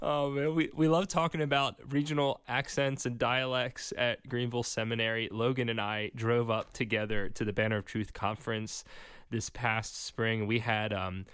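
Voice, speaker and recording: A man's voice: mid-range voice, level tone, normal speed, a bit bright, smooth, no room sound, clean studio sound. A man hosting a seminary podcast interview, friendly, upbeat and chatty. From Philadelphia, USA. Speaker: podcast host. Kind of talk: casual interview chat.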